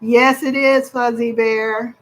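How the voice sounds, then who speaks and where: A cheerful, chatty woman in middle age hosts a relaxed live chat with her viewers. She speaks with a high voice and an upbeat, talkative manner. She comes from Michigan. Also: slow pace, poor audio. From Michigan, USA. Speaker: livestream host.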